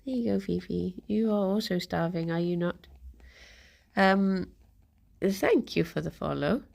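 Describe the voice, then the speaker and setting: A young woman chats on a live stream in a loose, rambling way, laughing easily as she reads the chat aloud. Her voice sits at an ordinary middle pitch for a woman, with a steady gravelly fry.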